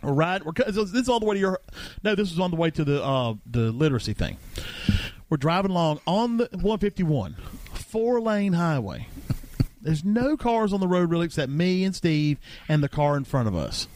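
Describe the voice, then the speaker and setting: Lively man telling stories, dry sound. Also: on the high side, moderate pace, no room sound. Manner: animated storyteller who mimics friends. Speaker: podcast host. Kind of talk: casual chat, comic storytelling.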